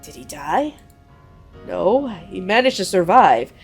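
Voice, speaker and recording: A woman voicing an older male townsman who briskly shares town gossip. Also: lowish voice, sing-song, gravelly, faint music behind, heavily acted.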